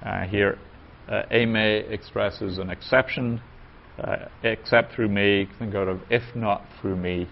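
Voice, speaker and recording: Slow, methodical male language teacher. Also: fairly low pitch, steady tone, creaky, dull audio, slight background noise. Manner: slow and methodical, reads passages aloud then parses them. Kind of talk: Koine Greek lesson.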